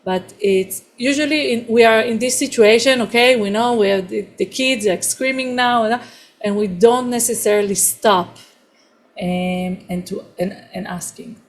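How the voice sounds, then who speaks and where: A woman in her thirties teaching an online class, telling stories in a lively way and laughing often. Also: fairly high pitch, normal speed. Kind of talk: class Q&A storytelling. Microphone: video call.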